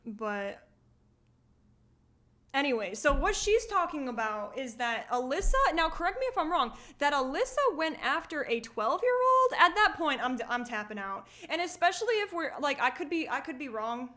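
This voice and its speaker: A woman's voice: high-pitched, sing-song, moderate pace, pushed and bright. Chatty woman streamer reacting and chatting. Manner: chatty, questioning, laughs often. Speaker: streamer reacting to a video and reading chat. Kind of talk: casual live-stream reaction chat.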